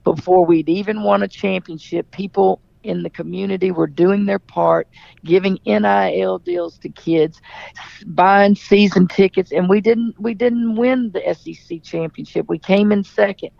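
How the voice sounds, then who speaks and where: Gravelly-voiced woman coach. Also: mid-range voice, steady tone, normal speed, dry recording, highs cut off. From Louisiana. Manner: candid, emphatic storyteller. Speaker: head coach, guest. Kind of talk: radio interview.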